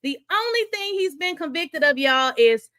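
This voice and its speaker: A woman hosting a casual live chat, excitable and out of breath, talking straight to her viewers. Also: sits high, normal speed. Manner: excitable, chatty, addresses viewers as y'all. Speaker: livestream host.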